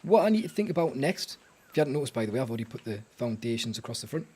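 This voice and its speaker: A man's voice: mid-range voice, big pitch swings, racing, mellow, slightly rough. A man streaming a survival game live, chatting to himself and his viewers in a rambling, self-mocking way. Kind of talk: live gameplay chat.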